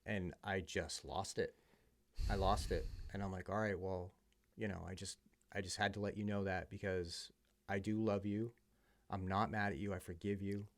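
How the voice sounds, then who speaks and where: Low-voiced man, earnest guest. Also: fairly even intonation, moderate pace. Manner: earnest, heartfelt storytelling with many fillers. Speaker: podcast guest. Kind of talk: personal testimony in conversation.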